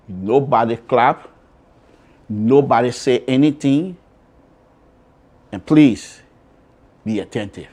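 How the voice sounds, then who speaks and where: A man's voice: lowish voice, husky. A man with a Liberian accent hosting a political talk show, speaking emphatically and repeating himself for effect. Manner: emphatic, repetitive, shifts between loud and quiet. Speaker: radio show host. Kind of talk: political commentary.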